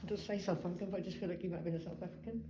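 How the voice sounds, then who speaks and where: A woman's voice: fairly low pitch, fairly even intonation, very fast, noisy background. A woman working as a medium, musing hesitantly as she calls out to a spirit inside a church. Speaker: psychic medium. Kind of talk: paranormal investigation chat. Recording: echoey church room.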